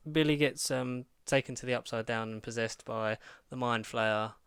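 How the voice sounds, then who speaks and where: A man's voice: mid-range voice, fairly even intonation, moderate pace, fairly bright tone, clean tone, dry recording. A man co-hosting a podcast, recapping plots in a rambling way, full of "like" and restarts. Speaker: podcast co-host. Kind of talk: casual chat.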